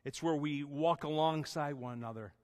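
A man preaches to his congregation in an earnest, conversational way, restarting phrases as he works through his point. His voice sits a little high for a man. The sound carries a long reverb, as in a large church hall. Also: moderate pace. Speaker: pastor. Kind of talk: sermon.

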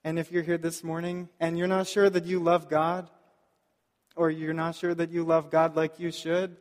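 A man preaching a sermon as pastor, earnest and pleading, slowing down to stress key points. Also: fairly high pitch, completely flat delivery, in a large hall. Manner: earnest, pleading, slows down for emphasis.

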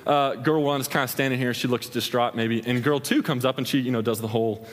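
Animated young male preacher in a hall. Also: medium pitch, fast talker. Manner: animated storytelling, acts out scenes with hand gestures. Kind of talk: sermon with acted-out examples. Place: large hall with an audience. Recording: long hall reverb.

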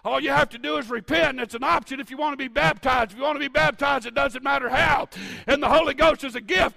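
A pastor in his fifties delivering a fervent sermon, moving between shouted declarations and quiet, joking asides. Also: very high-pitched, steady tone, quick pace, creaky. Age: 50s.

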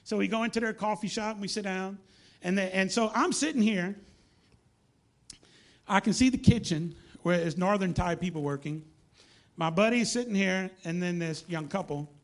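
High-voiced preacher. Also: male voice, normal speed. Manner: animated storytelling, acts out dialogue. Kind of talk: sermon.

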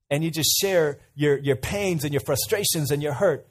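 In a relaxed, chatty sermon, a man with a slightly high voice preaches at a moderate pace. He often puts direct questions to his listeners and uses everyday anecdotes to drive his points home.

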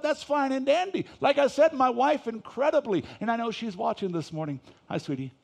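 Pastor, male, very high pitch, folksy sermon delivery that builds to emphatic shouting. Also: gravelly. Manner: swings from soft asides to loud emphatic preaching; reads scripture slowly with stress.

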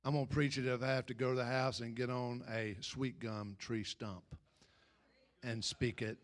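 A man preaching a sermon, building to loud emphatic peaks and then dropping low and slow. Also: flat delivery.

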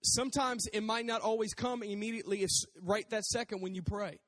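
Male preacher, high-pitched and conversational; casual sermon in a reverberant hall. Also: a little fast. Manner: conversational, animated, acts out voices.

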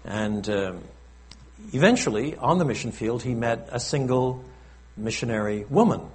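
A male pastor delivers a sermon in an animated, conversational style, often breaking off with asides to the congregation. His voice is medium in pitch and his pace is normal.

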